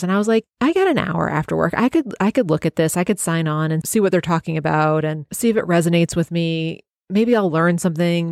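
A woman's voice: fairly low pitch, a little mellow, dry recording, studio quality. A woman who works in healthcare, hosting a solo podcast in an emphatic, heartfelt, conversational way. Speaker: podcast host and healthcare worker.

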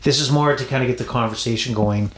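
Chatty podcast host in an echoey room. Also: male voice, medium pitch, fast. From Toronto area, Canada. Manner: playful, teasing, repeats himself. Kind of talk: casual sports betting chat.

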